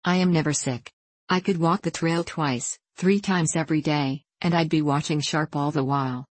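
An eager young farm boy, read by a woman in a storybook, pleading to be given a chance. The woman's voice is very low, with a dry, close sound. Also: steady tone, moderate pace, no echo.

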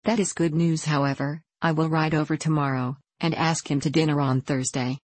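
A woman's voice: deep voice, steady tone, moderate pace, no echo. A woman voicing a hearty, blunt middle-aged country squire in a novel reading, bluff and jovial.

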